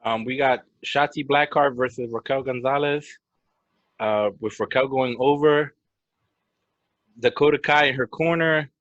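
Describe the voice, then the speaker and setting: A man's voice: medium pitch, unhurried, long pauses, fairly bright tone, dry recording. A man co-hosting a wrestling podcast, casually recapping matches in a laid-back way. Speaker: podcast co-host. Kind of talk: casual wrestling review chat. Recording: slightly dull lo-fi sound.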